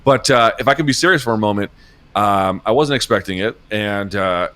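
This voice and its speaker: Low-voiced rambling man in his forties. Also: a bit bright. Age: 40s. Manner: rambling, halting, emotional and profane. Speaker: interview guest, MMA journalist. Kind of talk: casual interview chat.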